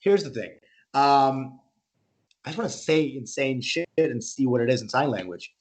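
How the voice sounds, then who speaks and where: A man's voice: mid-range voice, animated, normal speed. A male comedian doing a stand-up set, rambling, interrupting himself and laughing at his own jokes.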